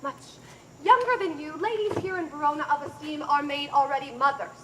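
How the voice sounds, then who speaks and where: A woman's voice: sits high, pushed and bright, slight background noise. A woman playing a stately noble mother. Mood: commanding. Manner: formal, measured verse delivery. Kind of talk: outdoor Shakespeare stage acting.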